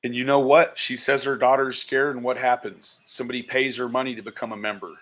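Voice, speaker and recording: A man doing live-stream commentary, exasperated and swearing, with slow, disbelieving exclamations. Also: medium pitch, level tone, fairly bright tone.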